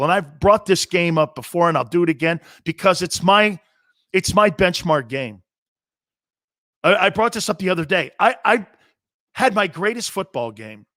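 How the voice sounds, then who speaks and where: This is a man in his fifties hosting a sports radio show. He rants about the game in a blunt, heated way, often stops to repeat himself, and speaks a little higher than most men. The recording is dry and close, with no room sound. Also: a bit bright, dry recording. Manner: blunt, fired-up storytelling with frequent repeats and asides. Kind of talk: opinionated talk-show monologue.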